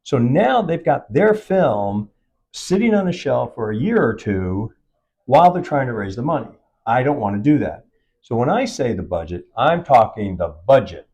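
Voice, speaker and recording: Producer type, male, lively storyteller with a pitch that rises and falls, acts out the voices in his anecdotes. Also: normal speed. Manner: animated storytelling, acts out quoted dialogue. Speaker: film producer. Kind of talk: on-set interview. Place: event set.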